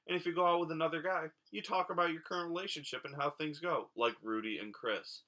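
A man's voice: on the high side, quick pace, bright, forceful tone. A man co-hosting a podcast, recapping a reality show in casual chat and mocking the contestants sarcastically. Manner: sarcastic, mocks the contestants in quoted voices. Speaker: podcast co-host.

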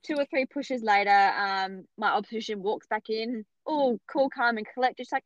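A woman's voice: moderate pace, hardly any pauses, dry recording. A woman chatting casually and telling her story with lots of life, throwing her voice way up whenever she quotes other people. The sound is a little dull and very dry, with no room around it. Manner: animated, acts out quoted voices with big pitch jumps. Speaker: podcast guest telling her birth story.

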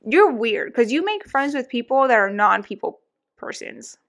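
A woman's voice: fairly high pitch, very animated, moderate pace, a bit bright. A young woman co-hosting a podcast, venting bluntly in casual chat and swearing freely. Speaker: podcast co-host.

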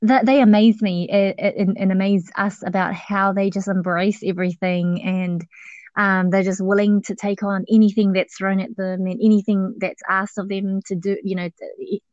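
A woman's voice: mid-range voice, flat delivery, normal speed, darkish tone, no room sound. Chatty Kiwi woman on a dull call. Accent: New Zealand. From New Zealand. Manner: chatty, many fillers and restarts. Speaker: podcast guest. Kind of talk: casual interview chat.

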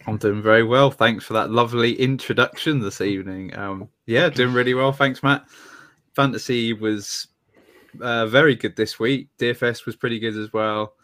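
A man's voice: mid-range voice, fairly even intonation, moderate pace, a bit bright. A man co-hosting a sports podcast, talking through his views in an easygoing way. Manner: easygoing, analytical, with repeated words. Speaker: podcast co-host. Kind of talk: casual podcast chat.

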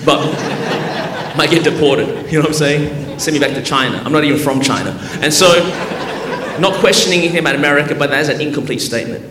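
A man's voice: fairly high pitch, brisk, noisy background. A man preaching a sermon with fervor, calling out to the congregation and often repeating words as he ad-libs. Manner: fervent, calls out to the congregation; stumbles and repeats words when ad-libbing. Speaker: pastor. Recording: echoey hall with long reverb.

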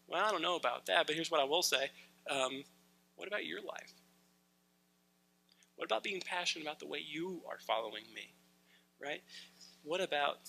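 A man's voice: on the high side, bright, forceful tone, low-quality recording. A man in his thirties preaching a casual, conversational sermon, acting out quoted lines as he goes. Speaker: pastor.

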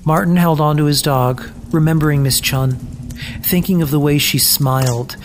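A storybook narrator reading aloud gently and deliberately, with mournful pauses. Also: mid-range voice, steady tone, slight background noise.

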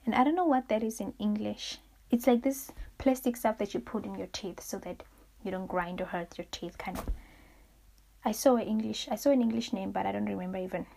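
A young adult woman hosting a reflective solo podcast, rambling through her thoughts, searching for words and growing animated as she recounts stories. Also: mid-range voice, brisk, vocal fry. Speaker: podcast host.

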